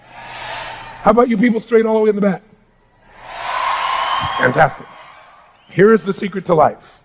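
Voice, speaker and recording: A man's voice: high voice, lively intonation, unhurried, creaky, background noise. A man giving an emphatic motivational talk to a live audience in a large room, calling for responses from the crowd. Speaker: motivational speaker.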